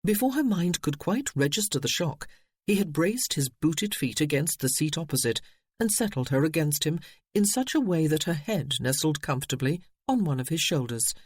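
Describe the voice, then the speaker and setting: A man reading a novel aloud in steady audiobook narration. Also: fairly high pitch, normal speed, husky, dry recording, clean studio sound.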